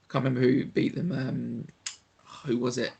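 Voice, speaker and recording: A man co-hosting a casual sports podcast. His voice is gravelly and a little husky. He keeps a relaxed tone as he moves the chat along. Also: medium pitch, normal speed, lo-fi sound. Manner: relaxed, steers the conversation along. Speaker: podcast co-host.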